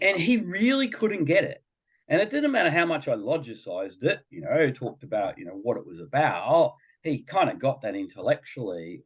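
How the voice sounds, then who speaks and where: Lively, animated man telling stories. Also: mid-range voice, slightly rough. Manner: animated, chatty storyteller who acts out other people's voices. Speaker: guest, behaviour coach. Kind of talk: storytelling in a casual podcast chat.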